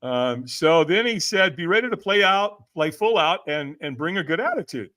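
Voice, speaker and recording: A man's voice: fairly high pitch, lively intonation, moderate pace, bright, forceful tone. An older man, a guest in an interview, telling a story with a lot of energy, acting out the voices in it and laughing often. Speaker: podcast guest, personal development speaker.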